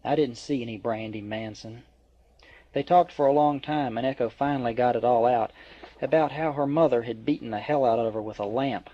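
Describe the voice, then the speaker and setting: A man reading a novel aloud in a steady, even narrating voice. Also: medium pitch, a little fast. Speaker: audiobook reader. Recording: dry, dull lo-fi.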